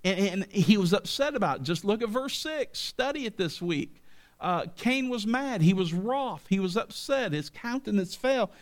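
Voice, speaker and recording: A man's voice: high voice, lively intonation, moderate pace. A man preaching a sermon as pastor, often restarting his words and rising to emphatic peaks.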